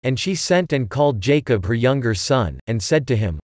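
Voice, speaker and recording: A man reading scripture aloud in a measured, even delivery. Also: medium pitch, no echo, studio quality. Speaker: scripture reader.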